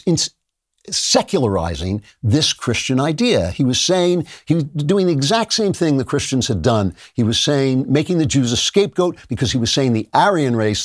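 A man's voice: medium pitch, sing-song, moderate pace, breathy edge, dry recording, clean studio sound. An older man hosting a show, delivering an emphatic opinion monologue in a lecturing manner. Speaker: show host.

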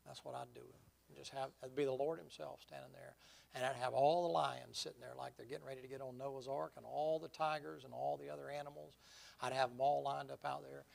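Gravelly preacher, folksy. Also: male voice, medium pitch, brisk. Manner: folksy storytelling, vivid and animated. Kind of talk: sermon.

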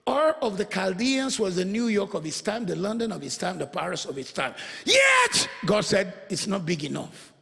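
High-voiced gravelly pastor preaching slowly. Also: male voice. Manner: emphatic call-and-response, repeats phrases and has the congregation echo them; bursts into shouts. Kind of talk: energetic preaching sermon. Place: church before a congregation.

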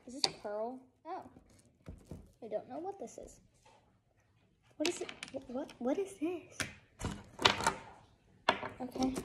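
A teenage vlogger with a high, swooping voice rambles through an unboxing. The delivery is unhurried and full of exasperated grumbling aimed at the viewers. Loud noise sits under the recording throughout. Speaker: vlogger unboxing an advent calendar. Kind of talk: casual unboxing vlog.

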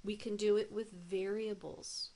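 A woman math teacher explaining a recorded demo lesson step by step, with deliberate pacing and playful asides. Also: medium pitch, fairly even intonation, mellow, slight background noise.

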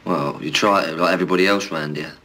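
An actor playing a sardonic young man who teases in a dry, deadpan way in a film drama. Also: deep voice, quick pace. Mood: deadpan mocking. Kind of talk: 1980s film drama acting.

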